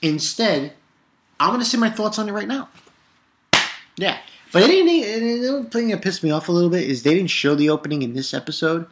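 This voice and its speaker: High-pitched and very animated, a young anime reviewer briskly runs through a cartoon episode, rambling, cursing, and stumbling over fillers and restarts. There's noise in the background.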